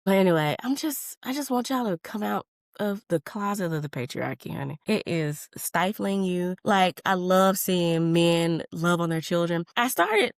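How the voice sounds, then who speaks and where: A woman in her thirties talks alone on her podcast in a fairly low voice. She is candid and profane, calls her listeners honey, and wanders from tangent to tangent. The sound is close and dry, with no room around her. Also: lively intonation, moderate pace, creaky, no room sound. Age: 30s. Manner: jumps between tangents. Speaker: podcast host. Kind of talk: solo podcast monologue.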